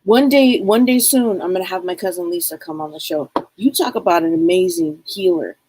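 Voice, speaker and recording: Husky-voiced woman hosting a chatty live stream. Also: on the low side, brisk, a little mellow, poor audio. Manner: chatty, greets viewers by name, rambling with fillers. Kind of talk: casual live-stream chat.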